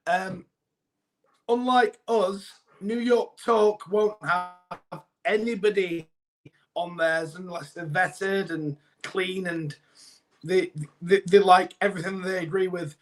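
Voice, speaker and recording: Excited guy on the stream bigging up his mate, swears a bit, highish voice. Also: slow pace. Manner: enthusiastic and praising, swears casually. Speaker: co-host. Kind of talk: live fan reaction stream.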